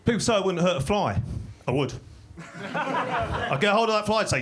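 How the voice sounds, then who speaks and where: A man doing stand-up comedy in a small club, delivering dry, deadpan one-liners that break into sudden shouted bursts. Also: high-pitched, normal speed, long pauses, background noise. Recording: live club recording with audience laughter. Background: crowd laughing.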